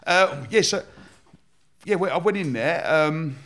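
A man telling stories as a podcast guest, animated, laughing often and swearing freely. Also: a little high, a little slow. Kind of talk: casual storytelling chat.

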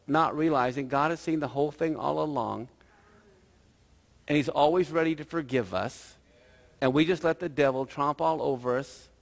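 A male pastor preaching a sermon in a lively, conversational storytelling manner. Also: on the high side, vocal fry, long reverb tail.

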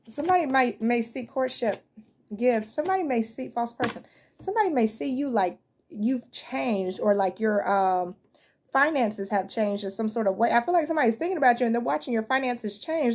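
A woman's voice: on the high side, moderate pace, darkish tone, breathy edge. A woman giving a casual, chatty tarot reading, thinking aloud as she turns cards, with easy laughs and the odd swear word. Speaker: tarot reader.

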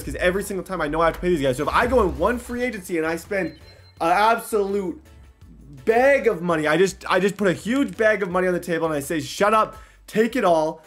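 A young man giving casual, excitable commentary while playing a football video game, breaking into loud outbursts and mocking himself. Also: high voice. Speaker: gaming commentator.

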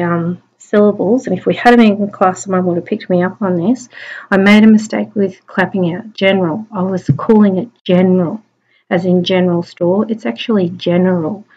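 A woman's voice: mid-range voice, mellow, breathy edge. A woman teacher giving a spelling lesson online, sounding out words phoneme by phoneme in a chatty, encouraging way. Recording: dull lo-fi home recording.

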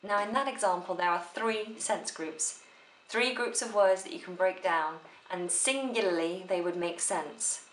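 A woman giving a spoken theory lesson for a drama exam, explaining slowly and deliberately. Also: lowish voice, fairly bright tone. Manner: slow, careful, deliberate delivery. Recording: echoey room.

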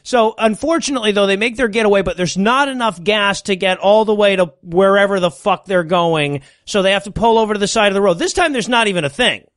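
High-voiced man recapping a film with sarcasm. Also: quick pace, hardly any pauses, a bit bright, no room sound, clean studio sound. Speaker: podcast co-host. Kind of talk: casual comedic chat recapping a film.

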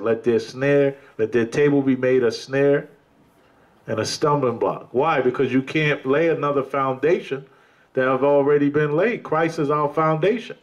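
Emphatic man preaching a sermon. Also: medium pitch. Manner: emphatic, repeatedly addresses listeners as brother; colloquial preaching, rising and falling emphasis.

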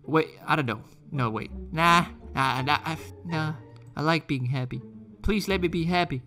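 A man hosting a game channel, rambling excitably through casual gameplay commentary, talking back to other players and laughing often. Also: a little high, normal speed, soft background music. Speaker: gaming channel host.

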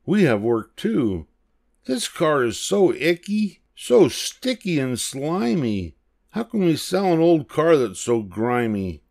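A man's voice: on the high side, big pitch swings, takes it slowly, vocal fry, a little mellow, pitched above the performer's own voice, full character voice. An older man voicing a gang of eager, fretting little monkey kids in a storybook reading. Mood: excited, fretting.

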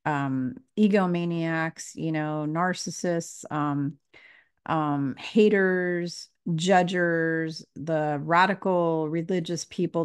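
A woman talks casually to her viewers as a spiritual teacher, in a voice pitched a little on the low side. She speaks earnestly, repeating key phrases and filling pauses with "um". She is openly moved by her subject. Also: a little mellow. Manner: earnest, emotional, pauses to collect herself; repeats phrases, many fillers. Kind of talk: casual spiritual talk to camera.

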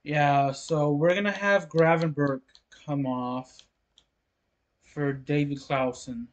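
Low-key man narrating his soccer game. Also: fairly even intonation, slow pace. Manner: low-key, reacting to plays with sudden exclamations. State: sleepy, yawning. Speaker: gameplay commentator. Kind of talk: casual gameplay commentary.

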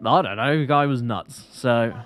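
A man's voice: mid-range voice, moderate pace, soft background music. A man streaming a video game live, chatting loosely and rambling as he reads his chat aloud. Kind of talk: casual live-stream commentary.

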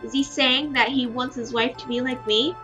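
A woman's voice: sits high, steady tone, normal speed, sharp tone, faint music behind, low-quality recording. A woman hosting a gaming video, reading visual novel narration aloud and chatting casually with her viewers. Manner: casual and chatty, sleepy at the close.

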